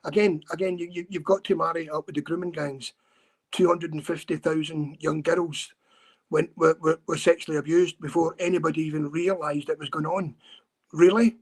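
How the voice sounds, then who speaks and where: Earnest man with a slightly high voice. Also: level tone, husky. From Scotland. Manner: earnest, halting, with many repeated words and restarts. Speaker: guest. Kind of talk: casual podcast interview.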